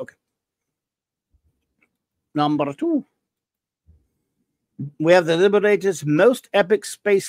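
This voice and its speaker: A podcast host works through listener reviews in loose, rambling chat, an excitable man prone to jokes and an odd yell. He has a somewhat high voice for a man. The clip sounds dry, free of room reverb.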